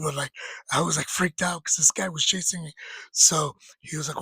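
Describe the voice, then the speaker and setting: With a slightly rough, somewhat high voice at normal speed, broken by long pauses, a man in his thirties rambles through a story about a friend who has died. He laughs, occasionally gets tearful, and quotes his friend in lively voices. The audio is poor, with no room sound.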